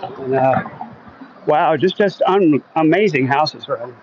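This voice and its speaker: A man from Oklahoma talks casually as he walks a residential street at night, reading out viewer comments with a wry, joking tone. His voice sits a little high for a man. The phone audio is slightly dull, with faint outdoor noise behind him. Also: slow. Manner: chatty, wry, reads viewer comments aloud. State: a bit out of breath walking uphill. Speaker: vlogger reading live chat. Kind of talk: casual live-stream chat while walking.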